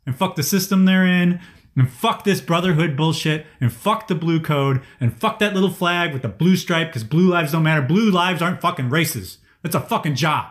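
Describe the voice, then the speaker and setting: Slightly high-voiced man, furious, cursing constantly through a podcast rant. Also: normal speed. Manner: angry, profane ranting. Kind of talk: casual chat.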